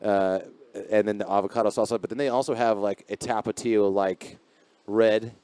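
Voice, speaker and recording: A man's voice: fairly low pitch, steady tone, moderate pace, mellow, clean tone, dry recording. A man co-hosting a podcast in a garage, telling stories in a rambling, profane, casual way. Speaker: podcast co-host.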